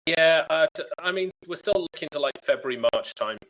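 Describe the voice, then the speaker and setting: A man's voice: on the high side, expressive, a little fast, a bit bright, rough recording. A man guesting on a casual podcast chat, talking in a laid-back, self-deprecating way.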